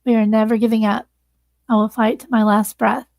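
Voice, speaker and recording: A woman's voice: fairly high pitch, level tone, a little fast, vocal fry, a little mellow, dry recording. A woman hosting a livestream, earnestly thanking viewers and close to tears. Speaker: livestream host. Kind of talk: casual livestream sign-off.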